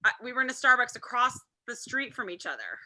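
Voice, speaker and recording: Host, woman: casual video-call chat, slightly high voice, rambling asides. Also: big pitch swings, brisk, bright, forceful tone, a little hiss or hum, rough recording. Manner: chatty, trails off mid-thought. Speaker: host of a viewing party.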